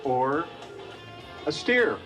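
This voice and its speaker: A man's voice: a little high, sing-song, drawn-out words, a bit bright, soft background music. A man who runs the restaurant, telling a folksy story to a crowd in an easygoing way with a few fillers. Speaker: restaurant owner. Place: busy restaurant event.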